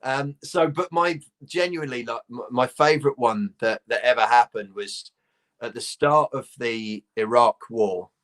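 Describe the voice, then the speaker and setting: Posh middle-aged English comedian telling anecdotes. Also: male voice, medium pitch, measured pace. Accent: posh southern English. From London. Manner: lively storyteller, swearing freely, laughing mid-sentence. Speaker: guest comedian. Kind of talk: casual chat, telling anecdotes.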